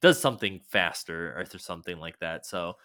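A man's voice: sits low, expressive, brisk, pushed and bright, no echo, studio quality. A man casually rambling about a video game, loose and swearing now and then, with many fillers.

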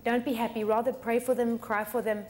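A woman's voice: fairly high pitch, little pitch movement, fairly quick, slight background noise. A middle-aged woman pastor preaching a sermon in a chatty way, often laughing and repeating words. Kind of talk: sermon teaching.

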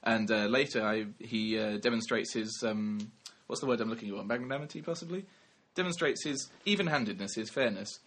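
A man's voice: on the low side, brisk, hardly any pauses, a bit bright, husky. A young man co-hosting a film podcast, rambling wryly in casual chat and correcting himself. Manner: wry, rambling, self-correcting. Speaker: podcast co-host, film critic.

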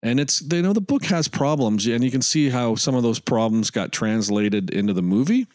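A man co-hosting a podcast in casual chat, joking and jumping in with quick remarks. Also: mid-range voice, no echo, clean studio sound. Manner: animated, quick interjections, joking. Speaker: podcast co-host.

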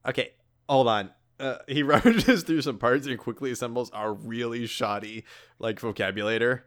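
A man's voice: mid-range voice, moderate pace, fairly bright tone. A man playing a tabletop role-playing game, laughing often and teasing the other players. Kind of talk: tabletop role-play banter.

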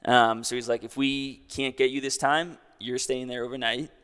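A man's voice: mid-range voice, steady tone, normal speed, fairly bright tone, clean tone, long reverb tail. A young man casually telling a long story as a guest, in a laid-back way full of "like".

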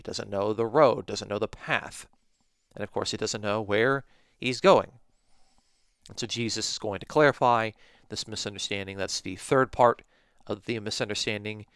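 Male Bible teacher, podcast lesson, deliberate emphatic delivery, resonant low voice. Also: a bit bright, clean tone, dry recording, clean studio sound. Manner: measured, emphatic, stresses key words.

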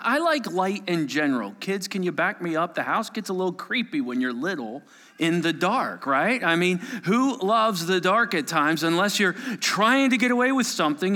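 A man preaching a sermon to a live church audience, telling a story in a playful, animated way and acting out voices and sound effects. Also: a little high. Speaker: pastor. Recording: long reverb of a large hall.

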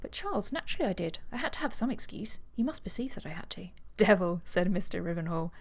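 A woman with a lowish voice talks fast as she co-hosts a book podcast. She reads a passage from a novel aloud, acting out the dialogue expressively, then moves into casual chat, laughing easily.

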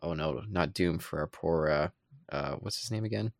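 Low, gravelly male podcast co-host, laid-back rambling recap, close dry mic. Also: normal speed, no echo. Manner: relaxed and rambling, with playful asides. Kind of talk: casual chat recapping a comic.

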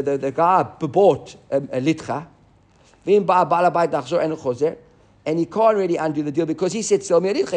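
A man teaching a Talmud class, animated and often restarting as he explains. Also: a little high. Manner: animated, restarts often, mixes Hebrew and Aramaic terms.

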